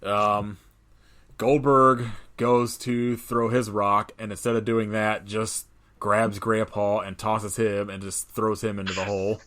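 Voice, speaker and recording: Podcast co-host, male, lowish voice, loose swearing recap style. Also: level tone, slow pace, fairly bright tone. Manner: laughs often, swears freely. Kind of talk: casual chat recapping a film.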